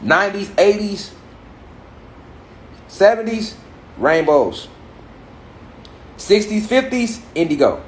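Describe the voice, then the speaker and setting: A man in his thirties with a somewhat high voice and an African American Vernacular English accent preaches to a gathered audience. His delivery is emphatic and full of rhetorical questions and repeated phrases. The recording is echoey, with a faint hiss underneath. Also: very animated, slow pace, long pauses. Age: 30s. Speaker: speaker addressing a gathered audience. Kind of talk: spiritual lecture. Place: large room with an audience.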